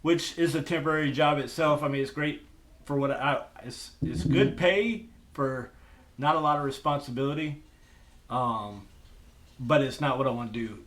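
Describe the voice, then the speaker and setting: A man's voice: medium pitch, fairly bright tone. A retired military veteran man talking frankly and plainly on a podcast. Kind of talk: podcast conversation.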